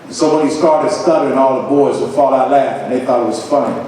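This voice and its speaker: A man's voice: mid-range voice, fast, darkish tone, a little hiss or hum. A man from Ohio giving a motivational lecture, with an emphatic, dramatic preaching cadence and chanted refrains. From Columbus, Ohio. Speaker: motivational speaker. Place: large hall. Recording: echoey hall from far off.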